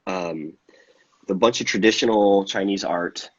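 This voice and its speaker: A man's voice: deep voice, unhurried, slightly rough, highs cut off. A man chatting casually about a trip, rambling and self-deprecating, often restarting his sentences. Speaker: podcast host. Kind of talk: casual chat.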